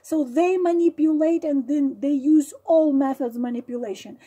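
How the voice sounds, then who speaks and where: A woman's voice: high voice, moderate pace, mellow, low-quality recording. A woman tarot reader explaining a card through real-life stories, hesitant with many fillers and leaning hard on dramatic words.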